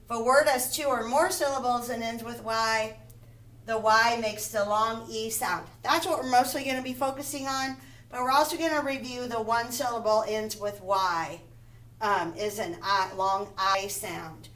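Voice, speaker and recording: A woman teaching a phonics lesson to first graders, slowly and patiently explaining each step and checking in with the children. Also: fairly high pitch, steady tone, a bit bright.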